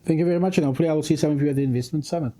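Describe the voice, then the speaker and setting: A man, a provincial minister giving a radio interview in long, measured policy statements. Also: fairly high pitch, steady tone. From South Africa. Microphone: studio microphone.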